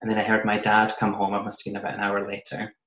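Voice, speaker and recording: A British man quietly telling a personal story in a casual podcast chat, often voicing what he said and thought back then. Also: on the low side, monotone, fast. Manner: soft-spoken, recounting with quoted asides. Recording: roomy, slightly muffled podcast audio.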